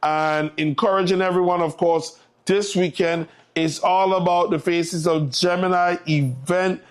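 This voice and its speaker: A man with a Virgin Islands lilt closes out his live morning show in an encouraging, preachy tone. His voice sits a little high for a man, and he talks in the easy, upbeat way of a show host. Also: fairly even intonation, measured pace. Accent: Virgin Islands English. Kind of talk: live show sign-off monologue.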